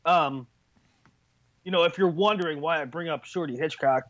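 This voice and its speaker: A man's voice: a little high, moderate pace, a bit bright, no room sound. A man co-hosting a casual talk show, with a dry, sarcastic way of talking. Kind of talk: casual chat. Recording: dull, dry lo-fi sound.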